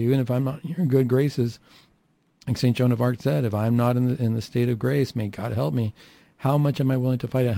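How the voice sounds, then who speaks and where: A man's voice: medium pitch, vocal fry, dark tone, no room sound. A man preaching a sermon who acts out the quoted lines of the people in the story and asks the listeners questions.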